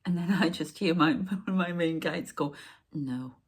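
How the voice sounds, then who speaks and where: A middle-aged woman, a psychic medium rambling through a spiritual channelling monologue that drifts into hushed whispered asides. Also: lowish voice, fairly even intonation, normal speed, breathy edge.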